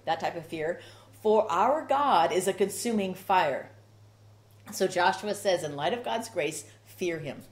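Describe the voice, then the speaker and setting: A woman's voice: lowish voice, a little mellow. A woman preaching a sermon with rhythmic repetition and strong emphasis.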